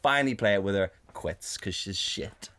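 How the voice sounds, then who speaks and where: Animated, swearing podcast co-host man. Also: fairly low pitch, normal speed. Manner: animated, swears often, mimics his partner in a raised voice. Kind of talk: casual storytelling chat. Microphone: condenser studio mic.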